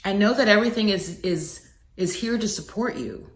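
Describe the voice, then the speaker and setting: A woman's voice: mid-range voice, normal speed, reverberant. A middle-aged woman giving an earnest, preacher-like motivational message, swelling on key words. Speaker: inspirational speaker.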